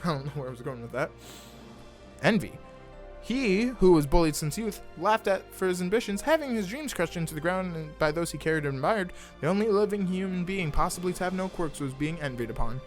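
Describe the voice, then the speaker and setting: Young man, reading fan fiction aloud, high voice, very lively delivery, faint music behind. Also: brisk. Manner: animated, stumbles over words, laughs at the text. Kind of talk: casual reading aloud with asides.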